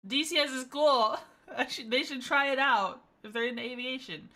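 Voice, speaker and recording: A woman's voice: high-pitched, moderate pace, sharp tone. A woman streaming a flight game, chatting casually with her viewers, playful and laughing often. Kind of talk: casual gaming stream chat.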